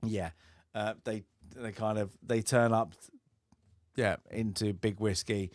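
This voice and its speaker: A man's voice: fairly low pitch, fairly even intonation, slow pace, no echo. Male podcast host, casual rambling film chat, dry close mic. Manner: rambling, many fillers, acts out film lines with laughs.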